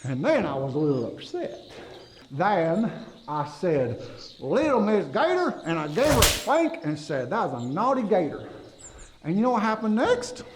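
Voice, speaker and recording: A man's voice: high-pitched, moderate pace, noisy background. A man playing a goofy, folksy backwoods storyteller with a drawl, telling tall tales to children. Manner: drawling, folksy, animated, talks to kids. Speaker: kids' dental educator.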